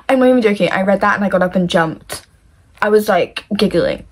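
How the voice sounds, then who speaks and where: A young woman chatting casually in a reading vlog, gushing and excitable, full of "like" fillers. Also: medium pitch, moderate pace, husky, low-quality recording. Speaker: book vlogger.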